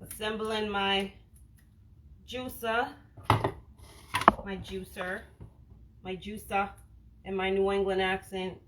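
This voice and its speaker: A woman's voice: mid-range voice, little pitch movement, slow pace, long pauses, very noisy. A woman from Boston hosting a casual livestream, answering viewer comments in a frank, slangy way with lots of "like" and the odd swear. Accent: Boston, without the stereotypical broad vowels. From Boston, USA. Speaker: wellness livestream host.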